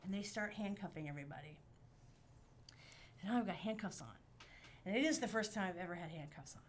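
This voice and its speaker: A woman guest on a podcast tells a story in a lively, animated way. She swears freely and acts out what people said. Her voice sits at an ordinary middle pitch. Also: a little fast, a little hiss or hum. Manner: animated, profane, acts out quotes. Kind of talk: storytelling in casual chat.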